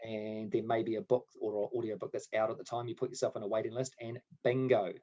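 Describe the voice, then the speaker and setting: Animated male podcast storyteller. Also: fairly low pitch, fast talker, lo-fi sound. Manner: animated, acts out quoted dialogue. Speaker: podcast co-host. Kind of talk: casual chat, storytelling.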